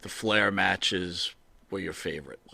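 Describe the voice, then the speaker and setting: A male podcast host asks questions in a casual interview, his low voice gravelly and bright. The sound is dry and close, with no room around it. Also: unhurried, no room sound. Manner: brief reactions and questions.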